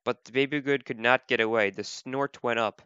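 A man reading a children's picture book aloud as a volunteer, gentle, slow and clear. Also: medium pitch, steady tone, dry recording. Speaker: volunteer reader. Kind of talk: children's storybook read-aloud. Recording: dull, lo-fi dry recording.

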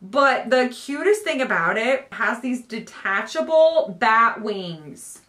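A woman's voice: fairly high pitch, animated, slow, pushed and bright. A young woman, talking to camera in a casual home vlog, bubbly and gushing with frequent laughs. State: pregnant. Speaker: vlogger showing a baby haul.

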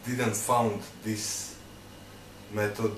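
A man gives a drum lesson at an unhurried pace, counting groupings aloud in a lowish voice. He sounds far from the mic in an echoey room, with loud clattering noise behind him. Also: flat delivery. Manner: counts beats aloud, loose non-native phrasing. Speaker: drum teacher. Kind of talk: instructional demonstration.

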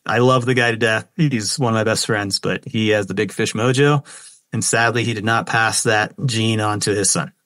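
Excitable man telling a fishing tale. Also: normal speed, dry recording. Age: 40s. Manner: excited, quotes others in a higher voice, many fillers. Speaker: fishing guide. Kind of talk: animated storytelling in a podcast interview.

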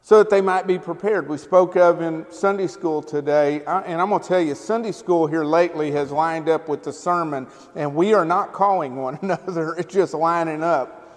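A man's voice: on the high side, moderate pace. A male pastor preaching a sermon in a loose, conversational way, often checking in with the congregation. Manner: conversational, keeps asking the congregation "right?" and "amen?". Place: church sanctuary. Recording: long church hall reverb.

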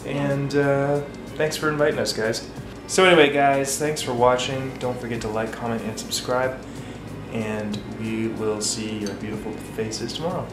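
A man of middle pitch in a chatty, upbeat home vlog, talking straight to his audience. His voice bounces around a roomy kitchen. Music plays clearly underneath him. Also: steady tone, moderate pace. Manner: chatty, upbeat, addresses viewers directly. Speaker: vlog co-host. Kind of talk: casual vlog chat.

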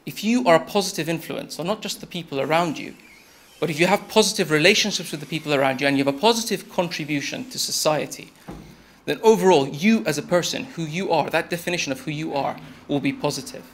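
A man's voice: fairly high pitch, quick pace, a bit bright, a little hiss or hum. A young man giving a TED-style talk, telling a story in a conversational way and speaking to the audience directly.

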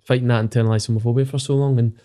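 Speaking very fast with fairly even intonation, this man from Scotland has a warm, medium-pitched voice. He's a footballer in his thirties guesting on a podcast interview, emotional and candid, with plenty of swearing.

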